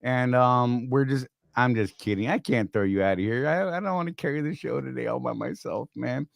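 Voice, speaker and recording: This fifties-aged man hosts a laid-back live-stream, cracking jokes and wandering off topic while mocking himself. He speaks at a mid-range pitch, a bit fast, with some vocal fry, over a dry, studio-grade recording.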